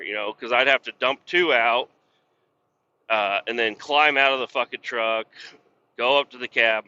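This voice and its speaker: Blunt, foul-mouthed man with a sharp, forceful voice, ranting from a truck cab, muffled lo-fi sound. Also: medium pitch. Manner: profane, blunt, exasperated ranting. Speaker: podcast host and truck driver. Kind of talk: rambling casual storytelling. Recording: dull lo-fi sound.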